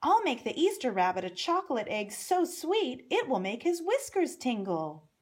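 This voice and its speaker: A woman reading aloud and voicing a small, eager boy bunny in a bright, bouncy way. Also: high-pitched, big pitch swings, normal speed, slightly rough, pitched above the performer's own voice, full character voice. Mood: excited.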